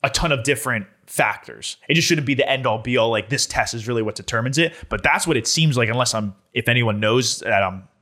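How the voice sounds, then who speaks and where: Bright-voiced young man in loose chat. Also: mid-range voice, fairly quick, hardly any pauses. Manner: loose, swearing, full of "like". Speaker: podcast co-host. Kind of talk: casual podcast chat.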